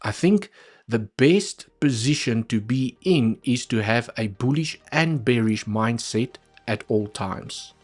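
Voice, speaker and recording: A man's voice: mid-range voice, animated, takes it slowly, faint music behind. A man talking casually through trading charts on a live stream, chatty and repeating points for emphasis.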